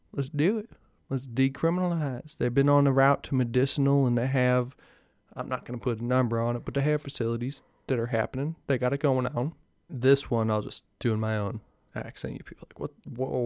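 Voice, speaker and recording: Excitable young man hosting a cannabis show. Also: mid-range voice, dry recording, clean studio sound. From New Jersey. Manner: profane, loose and excitable. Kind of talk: casual news commentary.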